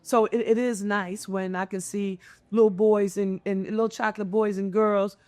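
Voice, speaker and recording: A middle-aged woman from Philadelphia, a mayor speaking as a panel guest, telling stories in an animated, expressive way with lively intonation. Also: medium pitch, moderate pace, dry recording. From Philadelphia, United States. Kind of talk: conversational panel discussion.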